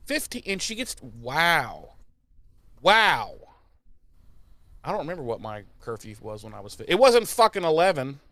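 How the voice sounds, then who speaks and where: Man co-hosting a podcast, fairly high voice that leaps all over, swearing freely in loose recap banter; dry, close sound with no room. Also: moderate pace, pauses often, dry recording. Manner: animated, profane, mocks characters in put-on voices. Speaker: podcast co-host. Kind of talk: casual recap chat.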